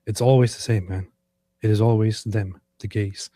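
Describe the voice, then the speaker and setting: Deep dark-voiced sarcastic man. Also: fairly even intonation, normal speed, dry recording. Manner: emphatic, sarcastic. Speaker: co-host. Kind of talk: casual reaction commentary.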